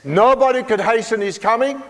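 Older male preacher, high voice, joking and questioning the congregation, big reverberant hall. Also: animated, normal speed. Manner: folksy, humorous, asks the congregation questions. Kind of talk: sermon.

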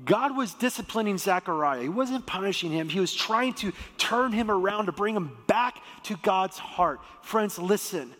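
A man with a high voice delivers a sermon in a lively, joking storytelling manner. His voice rings with the long reverb of a church hall. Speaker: pastor.

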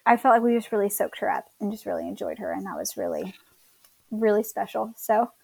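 A woman's voice: mid-range voice, huge pitch swings, a little fast, vocal fry, a little mellow, slightly rough, dry recording. A woman in her thirties from Florida casually telling her birth story as a guest, chatty with many fillers.

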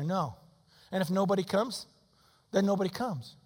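A man in his sixties preaches an altar call in a church, his voice sitting high for a man. He drops to soft pleading and then rises to shouting. The sound carries a long hall reverb. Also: normal speed, slightly rough. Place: church sanctuary.

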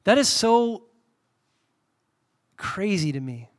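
A man preaching a sermon, telling stories candidly, with sudden loud bursts and quiet, reverent drops. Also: high-pitched, sing-song, takes it slowly. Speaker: pastor.

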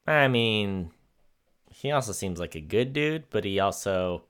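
A man's voice: fairly low pitch, animated, measured pace, a bit bright, clear, resonant tone. A man co-hosting a podcast in casual chat, talking in a rambling, laid-back way with plenty of fillers. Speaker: podcast co-host.

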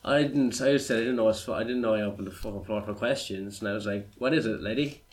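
Comedian guy rambling a story, lots of swearing, lowish voice. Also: fast. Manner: swearing, storytelling, self-deprecating. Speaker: stand-up comedian. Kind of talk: casual podcast chat.

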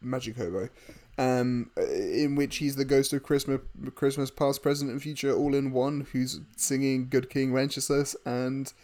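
A man's voice: medium pitch, fairly even intonation, measured pace, a little mellow. A man co-hosting a podcast, chiming in with dry, sarcastic quips in casual chat. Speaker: podcast co-host.

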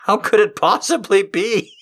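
A man's voice: sits high, normal speed. A man hosting a podcast, delivering a rambling, profane comedic monologue. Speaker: podcast host.

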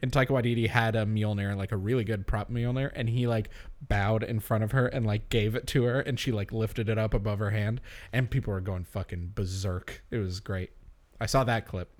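A man's voice: fairly low pitch, a little fast. Man chatting casually on a podcast. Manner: animated, laughing, rambling. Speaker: podcast co-host. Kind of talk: casual chat.

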